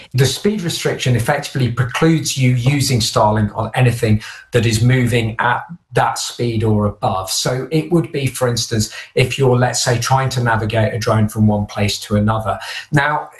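A man as an expert guest, explaining methodically, step by step. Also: mid-range voice. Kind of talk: explanatory interview answer. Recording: roomy echo.

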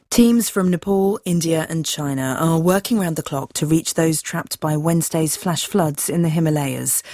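Low-voiced woman reading news. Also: mellow, dry recording, clean studio sound. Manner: measured, formal delivery. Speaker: newsreader.

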